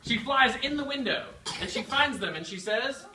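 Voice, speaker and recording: A woman's voice: high voice, lively intonation, moderate pace, pushed and bright. A woman directing and narrating a children's story play, guiding the young actors and feeding them their lines. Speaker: children's drama teacher. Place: rehearsal room with children. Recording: echoey room, distant mic, background noise.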